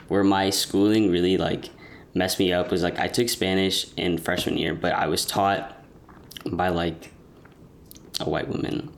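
A man's voice: low voice, a little hiss or hum. A young man chatting casually as a podcast host, rambling with lots of restarts and fillers. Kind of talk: casual chat.

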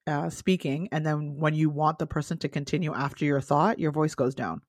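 A woman's voice: sits low, steady tone, normal speed, darkish tone, no room sound, studio quality. A young woman co-hosting a podcast in casual chat, talkative, laughing often and swearing casually. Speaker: podcast co-host.

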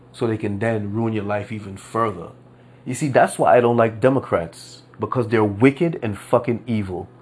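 A man hosting his own podcast goes on an angry, profane political rant, often repeating himself and answering his own points with "yeah." He swings between low muttering and loud, surging outbursts.

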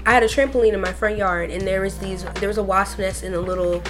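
Animated woman telling a story over music. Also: medium pitch, quick pace. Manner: animated, dramatic, laughs while telling stories. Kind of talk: casual storytelling chat.

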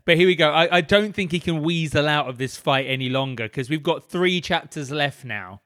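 A man's voice: fairly high pitch, moderate pace, fairly bright tone, dry recording. Chatty podcast host man, dry close sound. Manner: chatty, upbeat, laughs often. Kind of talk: casual book club chat.

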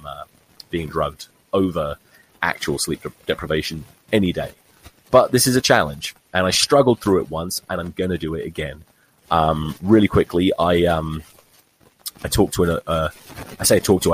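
A man's voice: low voice, slight background noise, poor audio. A man in his forties hosting a podcast, telling a rambling, wry comic monologue and swearing freely. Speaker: podcast host. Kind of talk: comedic monologue.

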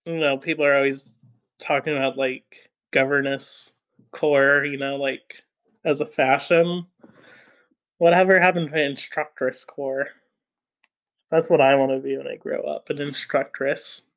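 A man's voice: mid-range voice, level tone, measured pace, fairly bright tone, muffled recording. A man reading a classic novel aloud, breaking off now and then for wry, joking asides. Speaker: reader.

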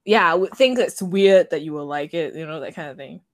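A woman co-hosting a casual podcast, giggly and teasing. She drops in quick remarks and easy laughs as she talks. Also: low voice, no echo, studio quality. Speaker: podcast co-host.

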